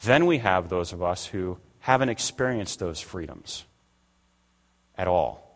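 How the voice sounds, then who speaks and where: Deep-voiced older male pastor preaching. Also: animated, a little slow. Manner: conversational preaching, acts out quoted voices. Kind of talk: sermon. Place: church sanctuary. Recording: long reverb of a church hall.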